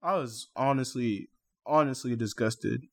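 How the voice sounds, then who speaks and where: A man's voice: mid-range voice, a little slow, fairly bright tone. A young man co-hosting a casual podcast, venting at length in an earnest way and slipping into French now and then. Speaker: podcast co-host.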